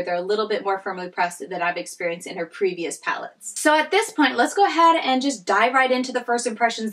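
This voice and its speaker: A woman's voice: mid-range voice, fairly bright tone. A young woman beauty vlogger giving a casual, chatty product review, upbeat and rambling with fillers.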